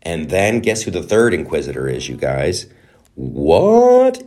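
A man hosting a comedy podcast, ranting mockingly through a show recap and popping into quick put-on voices. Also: extremely low pitch. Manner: animated, mocking, does quick character voices. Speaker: podcast host.

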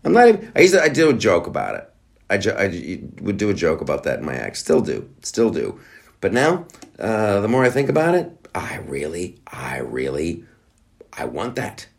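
A man's voice: low voice, wildly swooping pitch, normal speed, creaky. A middle-aged man hosting a podcast, talking in a sarcastic, rambling way with many restarts. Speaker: podcast host. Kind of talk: casual monologue.

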